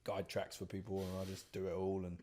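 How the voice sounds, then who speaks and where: A man chatting casually as a podcast co-host, an animated storyteller. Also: low-pitched, brisk, a little hiss or hum. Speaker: podcast co-host, session singer. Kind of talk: casual chat.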